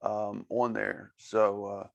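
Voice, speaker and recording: Gravelly-voiced male podcast host. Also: on the low side, little pitch movement, slow, dry recording. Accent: non-native English accent. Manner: friendly, laughs often. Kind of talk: casual interview.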